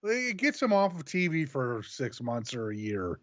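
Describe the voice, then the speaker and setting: A man's voice: mid-range voice, sing-song, normal speed, a bit bright, no room sound, dull audio. A man co-hosting a wrestling review, easily amused and laughing often as he teases his partner. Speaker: wrestling show co-host. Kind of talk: casual podcast banter.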